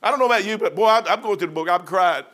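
High bright-voiced man in his sixties preaching. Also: very fast. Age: 60s. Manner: folksy storytelling with lively swings between loud and soft. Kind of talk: sermon.

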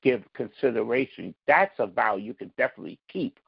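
A man, a podcast guest, giving measured political opinions with sarcastic asides, on dull lo-fi audio. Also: mid-range voice, animated, vocal fry, slightly rough, no room sound. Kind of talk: casual political discussion.

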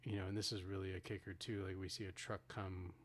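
Deep-voiced man retelling a film. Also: little pitch movement, fast. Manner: retells scenes with acted-out quotes, frequent restarts. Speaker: podcast co-host. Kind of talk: casual film discussion.

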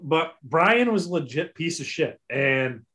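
High-voiced, bright man bantering. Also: expressive, unhurried. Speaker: podcast guest. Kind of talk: casual podcast chat.

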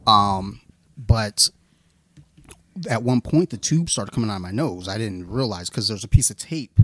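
Low-voiced man telling a story. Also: a little slow, dry recording. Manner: animated storyteller, swears freely. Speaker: podcast host. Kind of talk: casual podcast chat.

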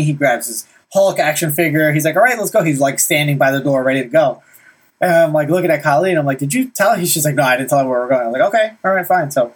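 Husky young dad rambling casually. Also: male voice, medium pitch. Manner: rambling, lots of "like" and "right?". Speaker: vlogger dad. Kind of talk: casual storytelling to camera.

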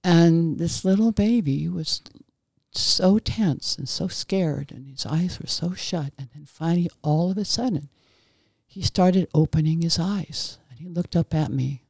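A middle-aged woman, a former midwife, hosts a podcast and shares stories from her working life. Her voice is warm and low-key with a gravelly edge, and she often loops back and restarts her sentences. The sound is dry, with no room echo. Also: unhurried. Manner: meandering, frequent restarts and self-corrections; gentle, folksy and reassuring. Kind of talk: casual podcast monologue with anecdotes.

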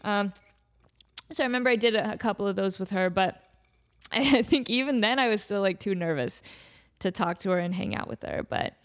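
A woman in her thirties hosting a podcast in a casual, chatty way, saying "like" a lot and laughing easily. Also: mid-range voice. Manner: chatty, heavy use of "like", quick laughs. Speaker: podcast host.

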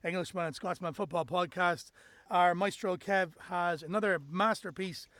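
A man's voice: high-pitched, normal speed, dry recording. A man hosting a football podcast, chatting casually with fillers and steering the show to its close. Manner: relaxed, fillers, wraps up the show. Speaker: podcast host.

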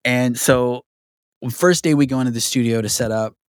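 A man telling a studio story as an interview guest, animated and full of restarts and fillers. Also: mid-range voice, moderate pace, smooth, dry recording. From Southern California. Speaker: guest, record producer.

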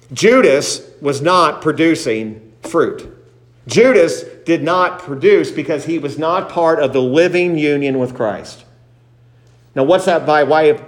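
Male pastor, slightly high voice, emphatic sermon delivery with scripture reading. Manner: emphatic preaching, reads scripture aloud, repeats for emphasis.

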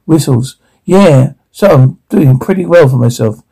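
A man's voice: medium pitch, expressive, measured pace, vocal fry, mellow, slightly rough, exaggerated voice, low-quality recording. An actor playing a boastful, tough male pharmacist in a sitcom scene. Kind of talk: sitcom acting.

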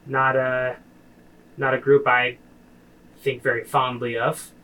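A man's voice: mid-range voice, flat delivery, slow, bright, forceful tone, voice pushed down, poor audio. A man voicing a weary, thoughtful male leader of a small settlement, in a rambling way.

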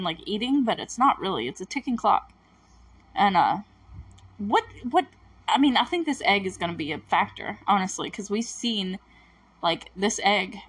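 A woman's voice: mid-range voice, fairly bright tone, breathy edge. A woman recapping a TV episode in a chatty, emotional way, with lots of fillers and self-corrections. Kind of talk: casual recap commentary.

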